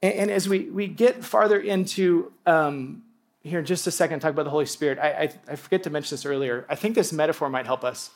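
A man preaching a sermon to a congregation, animated and excitable, dropping from loud bursts to hushed tones. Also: a little high, fairly quick. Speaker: pastor.

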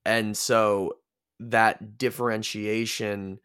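Low-voiced reflective man, very dry sound. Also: little pitch movement, extremely slow, fairly bright tone, clear, resonant tone, dry recording. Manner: reflective, rambling, many restarts. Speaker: podcast guest. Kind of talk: casual podcast chat.

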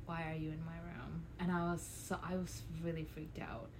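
A woman in her twenties, casually chatting as a podcast co-host, acting out dialogue in a lively storytelling manner. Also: sits low, moderate pace, background noise. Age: 20s. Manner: animated storyteller, acts out dialogue, bursts into loud laughs. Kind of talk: casual chat.

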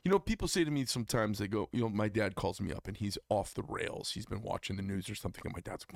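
A lowish-voiced American man hosting a talk show, speaking with heat and emphasis. His voice jumps up in outrage and he swears freely. The recording is dry and close, with no room sound. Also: expressive, fast, creaky, hardly any pauses, dry recording. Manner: heated, emphatic, rising to near-shouts of outrage with profanity. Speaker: podcast host. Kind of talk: casual political chat.

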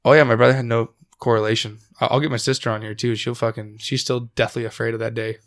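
A man's voice: mid-range voice, fast talker. Profane young man telling a ghost story. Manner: profane, animated when telling the scary parts. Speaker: podcast host. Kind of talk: casual storytelling.

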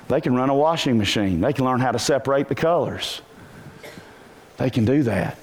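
A man preaching a sermon to a congregation, animated, asking rhetorical questions and breaking into bursts of shouting. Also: mid-range voice. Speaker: pastor.

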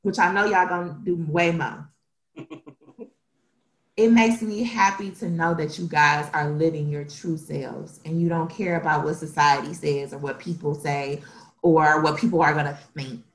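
A woman's voice: deep voice, steady tone, moderate pace, roomy sound. A young woman co-hosting a podcast, talking casually and emotionally about her family and siblings. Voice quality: emotional, tearful at times. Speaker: podcast co-host.

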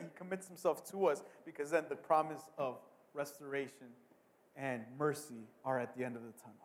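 High-voiced preacher in a reverberant hall. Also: male voice. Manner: dynamic preaching, swings between hushed and loud, repeats words. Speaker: pastor. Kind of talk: sermon.

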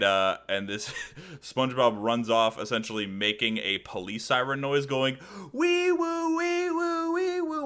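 A man with a rather low voice and a bright, forceful edge, talking through episodes in easygoing podcast chat. He retells scenes eagerly, laughing along, and jumps into the characters' lines. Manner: animated retelling, laughs often, acts out quoted lines. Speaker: podcast co-host. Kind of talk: casual episode recap chat.

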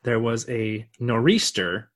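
A man's voice: mid-range voice, slow pace. A man co-hosting a podcast in casual chat, playful and teasing. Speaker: podcast co-host.

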